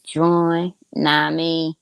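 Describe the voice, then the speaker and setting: A middle-aged woman with a Philadelphia accent, chatting loudly and laughing as host. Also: sits low, very slow, vocal fry, smooth, dry recording, rough recording. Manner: loud, laughing, animated storyteller. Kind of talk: casual chat.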